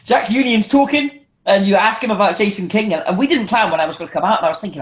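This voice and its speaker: A guest wrestler tells stories in a casual interview, speaking in a high voice at a quick pace with a roomy sound. He's animated, restarts sentences often, and acts out other people's voices.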